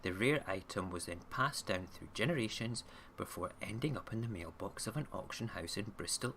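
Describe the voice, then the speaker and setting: Rambling man with a lowish, bright voice. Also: animated, brisk, gravelly, few pauses, a little hiss or hum. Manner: rambling and chatty, often checking in with "okay?". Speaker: online radio show host. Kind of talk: casual monologue commenting on news stories. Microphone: camera mic, recording himself on video.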